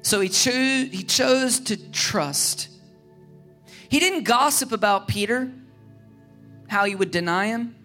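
A man preaching a sermon as a pastor, lively and humorous, driving his points home with repeated rhetorical questions. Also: high-pitched, slow pace, long pauses, faint music behind.

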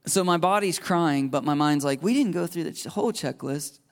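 A young man preaches a personal testimony in a lively storytelling manner. His voice sits a little higher than most men's and jumps way up when he acts out his own thoughts. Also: normal speed. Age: young adult. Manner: animated storyteller, jumps into high excited voices for quoted thoughts. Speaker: pastor. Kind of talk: sermon testimony.

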